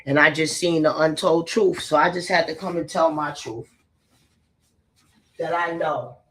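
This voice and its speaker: Low-pitched and fairly bright, this woman's voice stays fairly even and unhurried, recorded far from the mic with roomy echo. She delivers blunt, profane celebrity commentary as a spiritual messenger, driving points home through repetition in a casual rant.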